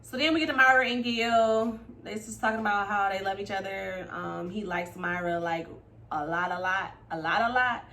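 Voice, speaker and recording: A woman with recapping a reality show in casual chat, animated and gossipy, jumping between loud exclamations and quiet asides. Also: medium pitch, normal speed, slight background noise.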